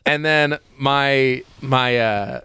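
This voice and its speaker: Smooth-voiced podcast host, quick to laugh. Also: male voice, mid-range voice, no echo. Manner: laughs often, relaxed storytelling. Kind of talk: casual chat.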